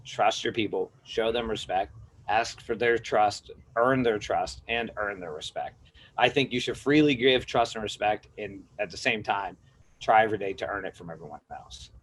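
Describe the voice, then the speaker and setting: A man's voice: fairly low pitch, normal speed, slightly rough, low-quality recording. A middle-aged man from the United States, a gym manager and strength coach, talking casually as a podcast guest and acting out quotes with a raised voice. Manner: animated storyteller, acts out quotes with a raised voice. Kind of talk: casual interview talk.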